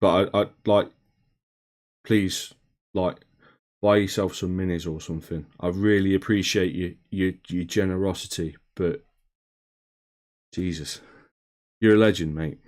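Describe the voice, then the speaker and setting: His deep, steady, slightly mellow voice is unhurried, broken by long pauses. In his home hobby room, this streamer casually reads chat, greets viewers by name, calls them mate and swears from time to time.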